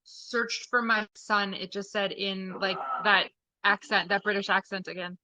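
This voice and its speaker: Bright-voiced woman hosting a seance. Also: medium pitch, steady tone, unhurried, no room sound. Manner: hushed, puzzling over faint messages. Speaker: host. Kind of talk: live-stream spirit box seance.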